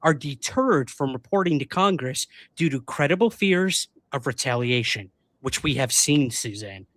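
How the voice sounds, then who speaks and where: A man's voice: medium pitch, expressive, moderate pace, a bit bright, no room sound. A chatty man co-hosting a live show, mixing casual banter with reading news aloud. He pokes fun at himself as he goes. His voice sounds dry and close to the mic. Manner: chatty and self-deprecating, reads news aloud. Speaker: podcast co-host. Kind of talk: casual live-stream chat.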